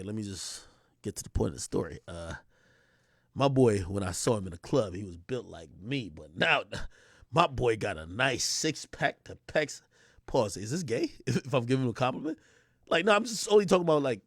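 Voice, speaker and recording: A young man telling a story on his livestream, excitable and loud, acting out the voices he quotes. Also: mid-range voice, normal speed, vocal fry, husky, no room sound, clean studio sound. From Jamaica. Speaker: streamer.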